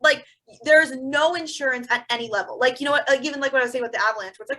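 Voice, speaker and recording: A young woman co-hosting a podcast in casual chat, animated and sarcastic. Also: high voice, low-quality recording. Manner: animated, sarcastic, quick bursts. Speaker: podcast co-host.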